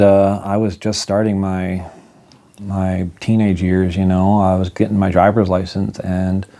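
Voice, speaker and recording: Mellow-voiced man telling a personal story. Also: sits low. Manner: candid and reflective, halting with fillers. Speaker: vlogger.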